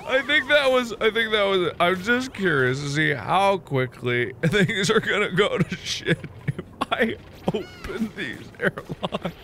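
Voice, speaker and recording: A man in his twenties doing excited game commentary, manic and giggly, swinging between loud outbursts and low murmurs. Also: a little slow, slight background noise. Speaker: gaming video host.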